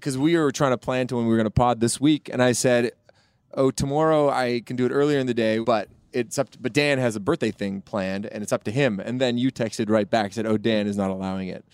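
A man's voice: medium pitch, brisk, darkish tone, clear, resonant tone, no room sound. A young man hosting a podcast, chatting playfully and thinking aloud from inside a moving car. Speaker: podcast host, birthday guest of honor. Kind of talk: casual chat.

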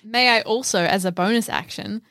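A woman's voice: medium pitch, normal speed, a bit bright, no room sound, studio quality. A woman playing a tabletop game, joking and giggly. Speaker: player. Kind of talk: casual tabletop game play.

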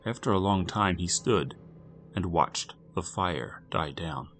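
A man narrating a grim story for a podcast, swinging between loud urgency and hushed, near-whispered passages. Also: low-pitched, takes it slowly, soft background music.

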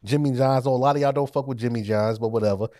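A man co-hosting a podcast, telling a story in casual chat, animated and profane, often laughing as he goes. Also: medium pitch, quick pace, dry recording, studio quality. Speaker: podcast co-host.

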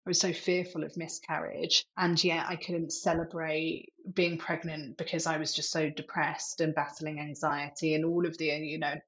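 A woman's voice: sits low, flat delivery, moderate pace, hardly any pauses, a bit bright, muffled recording. A woman in her thirties, a tech executive, answering interview questions openly and reflectively, with many fillers like "like".

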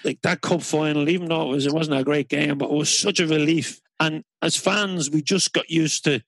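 A man's voice: on the high side, fairly even intonation, normal speed, a bit bright, dry recording, low-quality recording. A man talking football with a guest in a casual interview, reflective and drawn out.

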